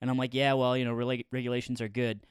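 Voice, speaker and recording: A man co-hosting a podcast, retelling a story in casual chat with a deadpan tone, mimicking other people. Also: medium pitch, racing, smooth, no room sound, studio quality. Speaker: podcast co-host.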